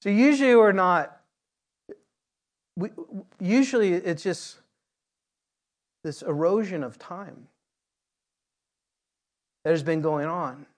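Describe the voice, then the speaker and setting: A man's voice: high voice, slow, pauses often. A man preaching a conversational sermon, repeating words and building to emphatic peaks. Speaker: pastor.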